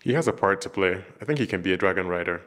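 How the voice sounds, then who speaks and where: A man giving casual reaction commentary, animated and jokey, laughing often and acting out characters in playful voices. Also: sits low, racing, slight background noise. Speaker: reaction video host.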